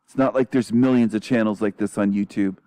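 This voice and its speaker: A man commenting on a clip, a low, mellow tone, bluntly challenging and repeating rhetorical questions with a dry, close sound. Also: steady tone, fairly quick, no room sound. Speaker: commentary channel host.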